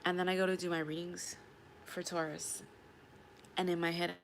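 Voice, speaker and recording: A woman's voice: fairly low pitch, level tone, normal speed, slight background noise. A woman telling a personal story in a rambling, emotional vlog, often repeating herself. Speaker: tarot vlogger.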